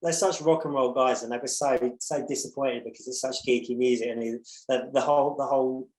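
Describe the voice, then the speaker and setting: A man's voice: mid-range voice, steady tone, brisk, a little mellow, reverberant, low-quality recording. A man, a musician guest on a podcast, telling a long tour story in a rambling, profane way, full of restarts. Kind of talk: casual anecdote telling.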